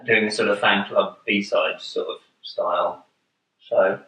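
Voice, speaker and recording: A man's voice: lowish voice, steady tone, takes it slowly, a bit bright. A man in a band reading out a fan question and explaining it patiently, with a teasing edge. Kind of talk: casual chat. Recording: roomy echo.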